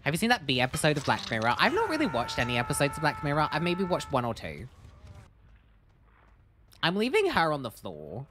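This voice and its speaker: A woman's voice: low voice, wildly swooping pitch, brisk, noisy background. A woman streamer giving playful, jokey commentary as she plays a game, with sing-song bits. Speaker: gaming streamer. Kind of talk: casual gameplay commentary.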